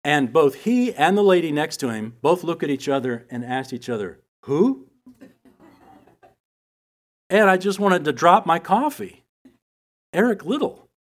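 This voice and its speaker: A man's voice: a little high, sing-song, normal speed. Man teaching Bible with light humor. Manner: conversational storytelling with humor. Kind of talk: sermon with personal stories.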